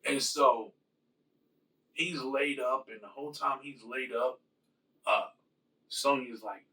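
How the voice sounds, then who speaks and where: Dude slowly rambling through his movie rewrite, gravelly, kinda far from the mic. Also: medium pitch, bright, forceful tone. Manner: rambling, slangy, full of fillers. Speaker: channel host. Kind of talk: casual movie rewrite retelling.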